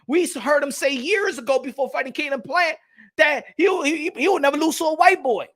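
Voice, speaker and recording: Boxing vlog host, man with a high pitched voice, heated profane rant with shouty bursts. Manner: repeats phrases, laughs at own points. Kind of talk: casual boxing commentary vlog.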